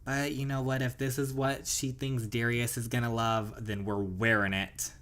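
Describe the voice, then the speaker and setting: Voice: mid-range voice, level tone, moderate pace, a bit bright. A channel host giving a chatty, gushing commentary while playing a romance story game.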